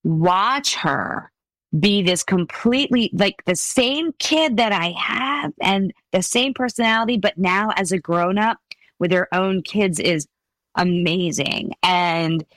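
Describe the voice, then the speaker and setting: A woman's voice: medium pitch, slow, a bit bright, dry recording. A middle-aged woman, a comedian, chatting casually as an interview guest, laughing often.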